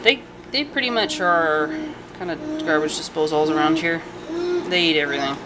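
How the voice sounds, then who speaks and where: A woman's voice: deep voice, normal speed. A woman casually chatting through a home cooking vlog in her kitchen, rambling with fillers and asides. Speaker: home cook and channel host. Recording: home video with noticeable background noise.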